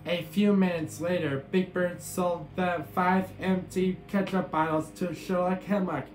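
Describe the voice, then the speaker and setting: A man's voice: sits high, fairly even intonation, a little slow. Man reading a picture book in an echoey room. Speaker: storybook reader. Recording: echoey room with guitar music.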